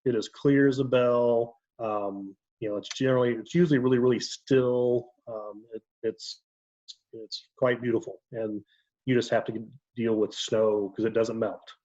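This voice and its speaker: A man's voice: mid-range voice, normal speed. Man from Ohio chatting on a dull video call. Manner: relaxed storytelling with frequent ums and self-corrections. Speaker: guest. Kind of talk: casual video-call chat.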